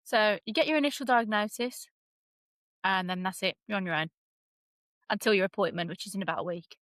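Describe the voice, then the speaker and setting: A young British woman guest on a podcast, telling her story in a lively, dramatic way and laughing often. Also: mid-range voice, a little fast, no echo. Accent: British English. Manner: animated, self-described dramatic, laughs often. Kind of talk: casual storytelling interview.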